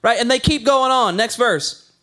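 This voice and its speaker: High-voiced man preaching casually. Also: moderate pace, pushed and bright. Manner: conversational, playful storytelling with acted quotes. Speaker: pastor. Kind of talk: sermon.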